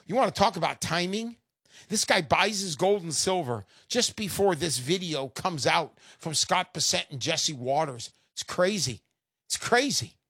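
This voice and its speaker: A man hosting a call-in radio show, talking like a brash, salesy showman with loud bursts. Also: high voice, no room sound, clean studio sound.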